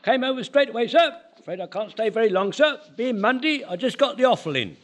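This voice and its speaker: An actor playing a flustered, eager elderly butcher turned volunteer soldier in a period sitcom, talking in an excitable, fussy way. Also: male voice, very high voice, fairly quick, very noisy.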